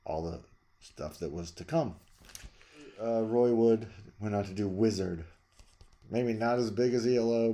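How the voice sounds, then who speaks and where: A middle-aged man, the host, chatting casually and rambling about his record collection, jumping to loud emphasis. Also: fairly low pitch. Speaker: vlog host reviewing records.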